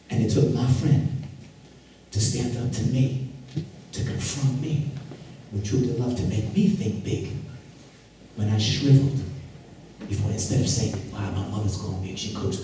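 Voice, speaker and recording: A man who is a Catholic priest, giving a slangy, animated street-style talk full of stories. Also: medium pitch, a little slow, long pauses. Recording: echoey hall, mic far off, noisy.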